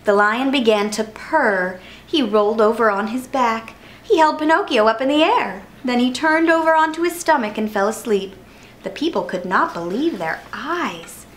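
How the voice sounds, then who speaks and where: A woman reads a children's picture book aloud as a storyteller. She is expressive and animated, with a fairly high voice that rises and falls a lot. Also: moderate pace.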